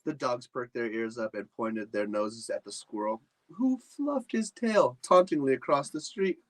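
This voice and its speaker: A man reading a chapter book aloud for children at a library storytime, in an expressive, animated manner. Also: mid-range voice, measured pace, low-quality recording.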